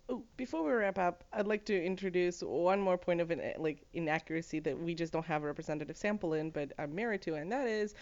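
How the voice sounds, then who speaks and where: Animated woman on a dull lo-fi mic. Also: on the low side, brisk. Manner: animated storyteller, laughs often. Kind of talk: casual chat.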